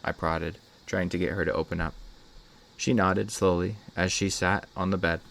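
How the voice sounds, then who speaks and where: Low-voiced man narrating a scary story. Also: fairly even intonation, normal speed, gravelly, a bit bright. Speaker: host, story reader. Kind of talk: scripted horror story narration.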